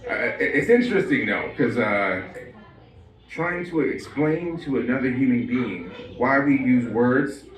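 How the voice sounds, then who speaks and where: A man's voice: mid-range voice, lively intonation, measured pace. A young man doing stand-up at an open mic, talking loosely with lots of fillers and laughing at his own lines. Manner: loose, rambling, full of fillers and self-laughs. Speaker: stand-up comic. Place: small club stage. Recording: echoey room, mic heard from a distance.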